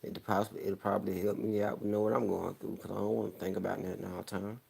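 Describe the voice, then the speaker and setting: In a quick, rambling, casual chat, a young man from the American South speaks with a Southern country accent. His very low, gravelly voice is a little mellow with little pitch movement, and he slurs slightly as he laughs, keeping things relaxed throughout.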